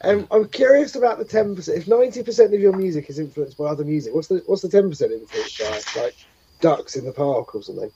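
Man host, gravelly, mellow tone, teasing and rambling, lo-fi recording. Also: a little high, expressive, fast, noisy background. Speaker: show host. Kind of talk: casual chat. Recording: dull lo-fi sound.

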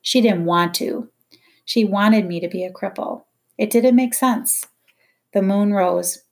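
A woman narrating a novel in the first person, in a quiet, measured, reflective way. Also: mid-range voice. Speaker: audiobook narrator.

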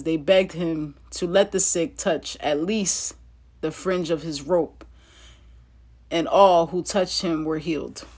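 Slow, low-voiced woman reading scripture. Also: darkish tone. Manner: laughs often, chatty asides to listeners. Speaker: Bible teacher. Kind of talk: casual Bible reading with commentary.

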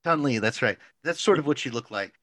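A man's voice: mid-range voice, lively intonation, brisk, sharp tone, no room sound. A man co-hosting a casual podcast, telling a long story with lots of "like" fillers and frequent laughter. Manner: rambling storyteller, many "like" fillers, laughs often. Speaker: podcast co-host. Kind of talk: casual chat.

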